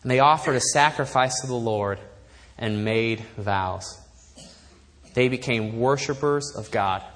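A man preaching a sermon in a church, emphatic and animated, with wry asides. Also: medium pitch, measured pace. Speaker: pastor. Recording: long reverb of a large hall.

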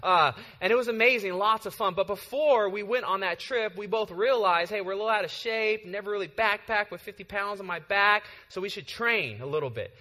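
Bright high-voiced preacher in a hall. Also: male voice, fairly quick, few pauses. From San Francisco Bay Area. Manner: conversational storytelling, frequent "right?" asides. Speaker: pastor. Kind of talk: sermon.

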